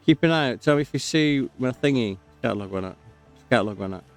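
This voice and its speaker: A man's voice: medium pitch, animated, quick pace, soft background music. A man giving casual, chatty gameplay commentary, talking to himself and cracking jokes as he plays. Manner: chatty, self-talking, jokey.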